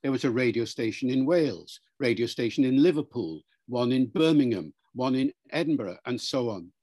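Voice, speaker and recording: Older man, husky voice, lively pitch; patient expert explaining in an interview. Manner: measured, lecturing, spells out words and demonstrates pronunciations. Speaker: linguist being interviewed.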